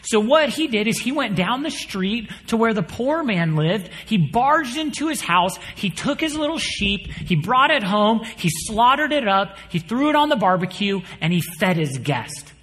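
A man in his thirties preaching a sermon, telling stories with animated energy and dropping to a quiet, earnest tone for his points. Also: sits high, moderate pace, few pauses, long reverb tail. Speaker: pastor.

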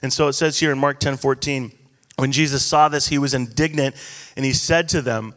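A man's voice: medium pitch, fairly even intonation, a little fast, fairly bright tone. A man in his thirties preaching a sermon, telling stories in a casual, self-deprecating, conversational way. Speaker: pastor. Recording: echoey hall.

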